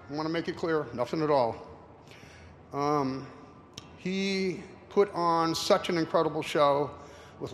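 A man in his sixties giving a casual slide talk with anecdotes to an audience, rambling and halting with many fillers. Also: on the high side. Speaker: presenter. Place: room with an audience. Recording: reverberant hall, faint noise.

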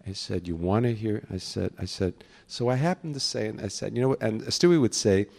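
A man tells animated anecdotes at a convention, his pitch swinging widely as he laughs and breaks into bits. He speaks with a loose, chatty storytelling manner. The sound carries a long reverb from a large hall. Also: a little fast, gravelly, slightly rough. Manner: animated storyteller who laughs and slips into voices. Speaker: voice actor giving a talk.

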